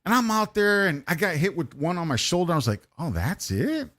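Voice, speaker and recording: A man's voice: high-pitched, expressive, fast, bright, forceful tone. A man hosting a casual podcast, talking in a laid-back, joking way. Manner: laid-back, swearing, laughs often. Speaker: podcast host.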